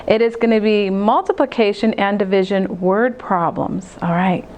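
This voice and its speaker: A woman teacher recording a math lesson for second graders, talking through each step slowly and clearly. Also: mid-range voice, a little mellow, lo-fi sound. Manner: slow, clear, step-by-step explaining.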